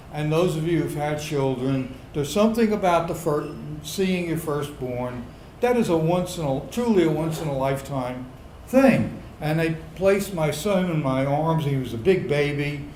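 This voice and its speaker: A middle-aged man with a fairly high voice tells a funny true story live, unhurried and drawn out, then swells into loud indignant bursts. His voice carries the echo of a roomy pub, with a faint hum of the crowd's ambience behind it. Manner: comic, builds to loud indignant outbursts. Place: pub stage before a live audience.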